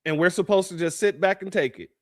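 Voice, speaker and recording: A man hosts a livestream, talking to his chat in an emphatic commentary style. His voice sits high for a man, and he drives points home by repeating them. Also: fast. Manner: emphatic, repeats phrases, addresses chat as family. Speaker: livestream host.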